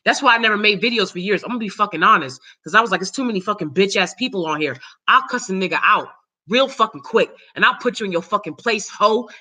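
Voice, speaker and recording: A woman hosting her own live stream, ranting loudly and cursing heavily in casual talk. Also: mid-range voice, low-quality recording. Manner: loud, profane, heated. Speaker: channel host.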